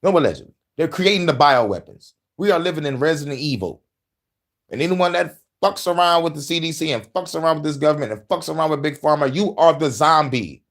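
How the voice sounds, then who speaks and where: A middle-aged man hosting a casual rant podcast, profane and animated, laughing often and shouting at times. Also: on the high side, fairly quick. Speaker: podcast host.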